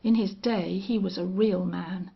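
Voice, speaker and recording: Woman doing a cold, monotonous gunfighter. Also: on the low side, a little slow, gravelly, husky, muffled recording, heavily acted. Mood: menacing. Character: grim, steely older male gunfighter and hunter.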